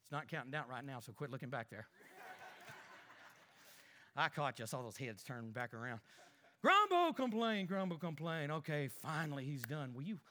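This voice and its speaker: A man's voice: fairly high pitch, animated, normal speed, pauses often, pushed and bright, in a large hall, slight background noise. A man acting out a petty, grumbling married churchgoer who mutters complaints under his breath and puts on fake cheer for others, in a comic sermon skit.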